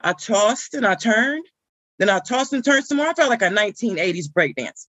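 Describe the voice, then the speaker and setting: A woman's voice: mid-range voice, big pitch swings, moderate pace, fairly bright tone, no echo. A woman acting an exasperated puppy-sitter. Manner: indignant storytelling monologue, exclaiming. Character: frazzled woman stuck puppy-sitting, exasperated. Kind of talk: acted comic monologue.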